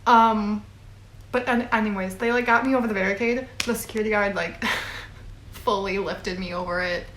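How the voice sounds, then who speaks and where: A woman's voice: mid-range voice, fairly even intonation, moderate pace, a bit bright, a little hiss or hum. A young woman in her twenties telling a long story casually, rambling with fillers and little laughs. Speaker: vlogger. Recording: echoey room.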